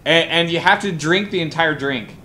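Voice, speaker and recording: Young man, casual caster, rambling excited storyteller, slightly high voice, faint hiss behind. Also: moderate pace. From Colorado, USA. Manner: rambling, excited anecdotes with swearing and laughter. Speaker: game caster. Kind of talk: casual storytelling during a game broadcast.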